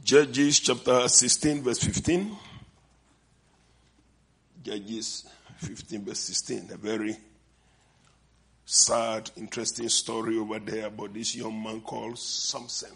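Older guy preaching w an accent, husky voice, lots of amen and amen. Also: on the low side, fairly even intonation, a bit bright. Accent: non-native English accent. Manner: call-and-response, repeated "amen and amen", drawn-out emphasis. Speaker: visiting preacher. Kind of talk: sermon.

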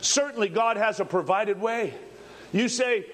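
A man preaching an old-time revival sermon with a fairly high voice. He talks in a folksy, homespun way and swings up into fervent, shouting bursts. It sounds like an old archival recording. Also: very animated, moderate pace.

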